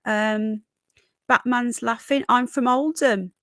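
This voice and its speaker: Livestream host, woman, soft Brummie lilt with a Yorkshire edge, rambling chat, slightly high voice. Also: steady tone, slow, no echo, studio quality. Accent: toned-down Birmingham with a bit of Yorkshire. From Birmingham, England. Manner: chatty, rambling, reads out viewer comments. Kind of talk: casual live-stream chat reading comments.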